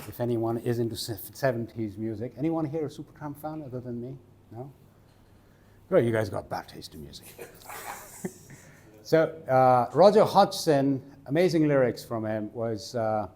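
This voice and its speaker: A man giving a conference talk in a conversational storytelling way, asking the audience questions as he goes. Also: mid-range voice. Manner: animated, asks the audience questions. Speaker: conference speaker. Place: conference stage.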